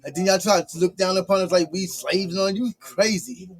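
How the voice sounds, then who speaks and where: A man giving heated, scolding commentary full of rapid-fire rhetorical questions. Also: sits high.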